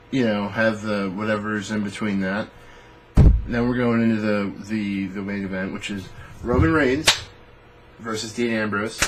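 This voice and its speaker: Young male host, casual profane rant, low voice, faint background noise. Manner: rambling, profane, animated storytelling. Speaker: podcast host. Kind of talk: casual rant on fantasy booking.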